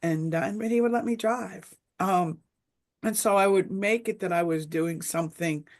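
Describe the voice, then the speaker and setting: A woman's voice: mid-range voice, moderate pace, a little mellow. A middle-aged woman speaking as a webinar panelist, telling a reflective story in a casual discussion, with many fillers.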